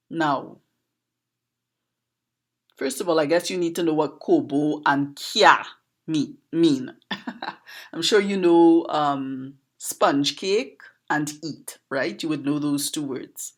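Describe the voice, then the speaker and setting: Trinidadian woman educator, low unhurried voice, patient and questioning. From Trinidad and Tobago. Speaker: poet and educator. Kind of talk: explaining a proverb to camera.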